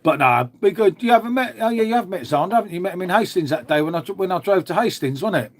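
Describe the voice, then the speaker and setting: A man's voice: sits high, animated, quick pace, slight background noise. A middle-aged man, hosting a casual live stream, chatting bluntly with viewers, swearing freely and calling them mate. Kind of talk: casual live chat reading comments.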